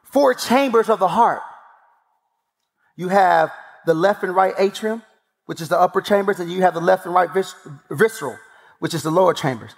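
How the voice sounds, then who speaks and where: A man with a high-pitched voice preaches as a guest speaker, telling personal stories and bringing them to life by acting out the dialogue. He repeats words as he builds toward a point. His voice rings with a long reverb from a big hall. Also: moderate pace, vocal fry, long pauses. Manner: animated, acts out dialogue in voices. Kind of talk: sermon with personal storytelling.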